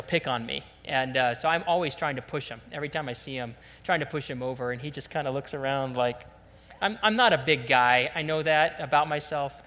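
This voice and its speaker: A man preaching a sermon, telling a lively, joking story and acting out voices as a pastor. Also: on the high side, big-room sound. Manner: animated, jokey storytelling, acts out voices.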